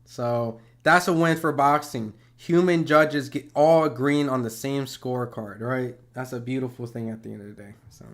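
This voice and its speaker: A man's voice: medium pitch, moderate pace, hardly any pauses. A man commenting on a boxing match in a livestream. He talks casually, swears, and argues with viewers' comments. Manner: conversational, profane, argumentative.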